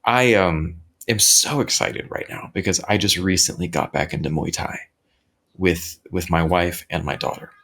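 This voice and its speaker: A man hosting his own podcast, talking earnestly and reflectively on his own at home, often halting and restarting his sentences. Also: sits low, bright, forceful tone. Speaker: podcast host. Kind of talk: reflective solo talk. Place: home recording setup.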